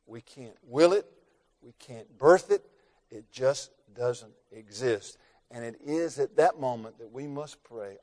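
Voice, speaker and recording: A man preaching a sermon through a story, rising to loud emphasis and dropping to hushed tones, slowing down on key words. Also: medium pitch, animated. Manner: dramatic, swings between loud emphasis and hushed near-whispers, slows for key words.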